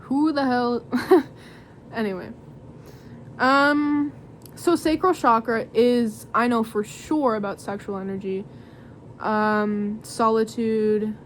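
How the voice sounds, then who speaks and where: Young woman tarot reader, casual and giggly, meandering delivery, slightly high voice, light background hiss. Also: steady tone, slow. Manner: rambling, giggly, filler-heavy. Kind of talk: casual tarot reading to camera.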